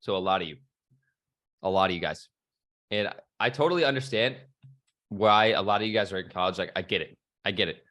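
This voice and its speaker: A man's voice: low voice, brisk, long pauses, pushed and bright. A young man giving a fired-up motivational talk on a video call, casual and profane, full of bro slang. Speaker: motivational speaker.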